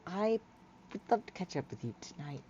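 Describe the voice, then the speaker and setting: A woman's voice: on the low side, big pitch swings, moderate pace, mellow, pitched above the performer's own voice. A woman voicing an awkward, shy young woman with a tail who stammers nervously, on a slightly muffled recording with faint hiss.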